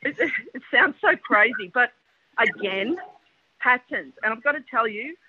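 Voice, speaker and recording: Animated woman over a tinny phone line. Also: fairly high pitch, breathy edge. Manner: animated, lively storyteller with quick laughs. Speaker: podcast guest, educator. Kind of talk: storytelling interview chat.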